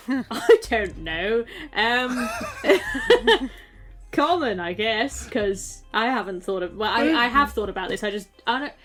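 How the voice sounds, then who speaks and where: A woman's voice: fairly high pitch, sing-song, takes it slowly, fairly bright tone, soft background music. A woman playing in a tabletop game, giggly and playful, often thinking aloud as she decides her moves. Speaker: player. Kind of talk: tabletop role-play chat.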